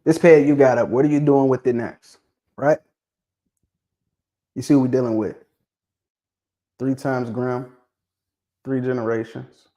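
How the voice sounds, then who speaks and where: A mid-pitched man speaks in on a casual livestream. He is lively and keeps pressing his audience with repeated questions. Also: unhurried, pauses often. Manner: animated, prodding viewers with questions, repeats himself. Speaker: livestream host discussing dog pedigrees.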